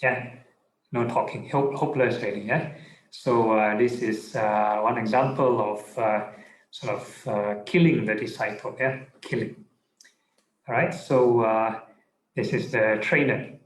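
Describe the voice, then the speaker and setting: A man, a monk, giving a relaxed Buddhist Dhamma talk online, with many fillers and checking in with "yeah?". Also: mid-range voice, a little slow, roomy sound, poor audio. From Singapore. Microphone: online video call.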